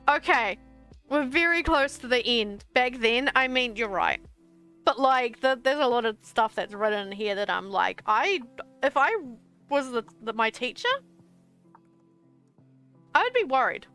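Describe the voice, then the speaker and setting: A young woman with a bright, forceful, slightly high voice reads an old story aloud on a stream. She keeps breaking off into exasperated, swearing asides, and faint music plays behind her. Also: clear, resonant tone.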